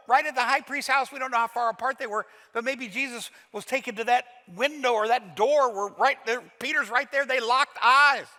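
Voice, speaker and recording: Bright-voiced pastor from Kentucky preaching. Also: male voice, extremely high pitch. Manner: animated, dramatic storytelling with folksy humor. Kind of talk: sermon. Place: large church auditorium. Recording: reverberant church hall.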